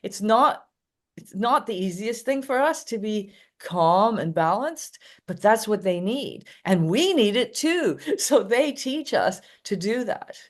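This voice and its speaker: A woman's voice: medium pitch, animated, slow. An older woman, a dog trainer, chatting casually in an interview and telling rambling anecdotes with frequent laughs.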